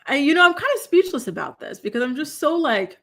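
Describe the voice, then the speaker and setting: Animated woman hosting a livestream. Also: sits high, fast talker, vocal fry. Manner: animated, incredulous, exclamatory. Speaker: commentary show host. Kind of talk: live-stream commentary reading chat.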